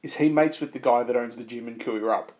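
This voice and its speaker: A man's voice: mid-range voice, quick pace, darkish tone. A man co-hosting a podcast, teasing his friend with dry jokes and laughing often. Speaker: podcast co-host. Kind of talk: casual chat.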